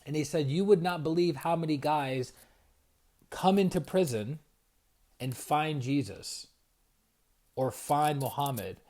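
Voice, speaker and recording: A man in his forties streams from home at night, chatting casually about spiritual growth. His voice sits slightly high, and he tells stories in an animated, meandering way, with restarts and quick shout-outs to viewers. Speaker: spiritual coach and livestream host. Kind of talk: casual livestream talk.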